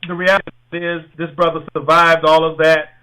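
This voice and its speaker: A man's voice: on the high side, little pitch movement, normal speed, pushed and bright, smooth, low-quality recording. A man hosting a casual sports talk radio show, rambling with many fillers and restarts, with an American accent.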